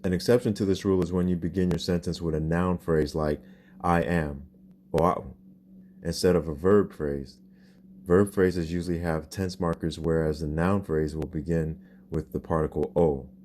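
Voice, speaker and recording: Deep-voiced man teaching a language. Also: steady tone, warm tone, slight background noise. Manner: slow, careful explanation with spelled-out words. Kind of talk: scripted instructional narration.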